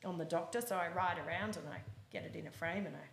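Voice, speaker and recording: Woman telling lively stories. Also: on the low side, quick pace, gravelly, echoey room, a little hiss or hum. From Australia. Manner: lively, laughs often, acts out voices. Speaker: guest, horse eventer. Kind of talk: animated storytelling in an interview.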